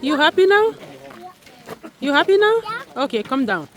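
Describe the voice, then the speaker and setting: A woman's voice: high-pitched, sing-song, normal speed. A mother filming her children outdoors at a zoo, cheering and encouraging them in a casual family vlog. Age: adult parent. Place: outdoor zoo with a crowd around.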